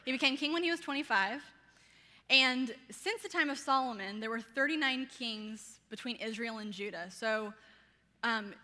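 Southern woman preacher, 30s, highish bright voice, quick and playful, echoey hall. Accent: Southern American. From American South. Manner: energetic and playful, laughs often, speaks fast. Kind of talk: sermon.

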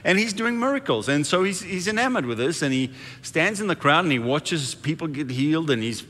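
A man delivering a sermon in a forceful, bright voice that sits a little high for a man. He talks conversationally and slips into the voices of people in his stories. The sound rings with the long reverb of a big hall. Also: lively intonation, brisk. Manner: conversational preaching, acts out quoted voices. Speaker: pastor.

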